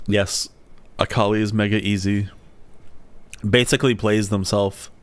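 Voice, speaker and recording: A man's voice: fairly low pitch, steady tone, a little slow. A young man streaming a game in casual chat, swearing a lot and laughing at other players. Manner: profane, laughs often, mocks other players. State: sleepy.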